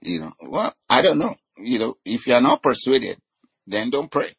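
A man preaching a sermon, quoting scripture and filling his talk with "you know", slowing down to stress key words. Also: medium pitch, very animated, gravelly, fairly bright tone, husky. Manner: teaching with many "you know" fillers and scripture quotes.

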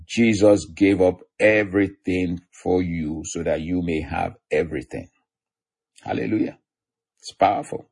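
Gravelly low-voiced male preacher. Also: darkish tone. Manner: reads scripture aloud, chuckles between points. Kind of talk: sermon teaching on scripture.

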